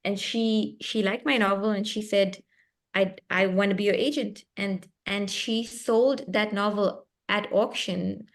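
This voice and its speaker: A young South African woman speaks over a video call in a middle-pitched voice. She is an author telling her story with lively energy. She laughs easily and interrupts herself as she goes. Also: unhurried. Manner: animated, laughing, lively and expressive, with self-interruptions. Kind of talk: storytelling in a book club chat. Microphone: computer mic on a video call.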